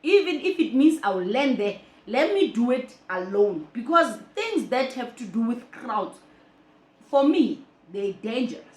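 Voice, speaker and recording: A woman telling her own story in a lively way, laughing often. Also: fairly high pitch, measured pace. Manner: animated, laughing, mixes languages. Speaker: storyteller sharing her life journey. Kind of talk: personal storytelling vlog. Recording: roomy echo.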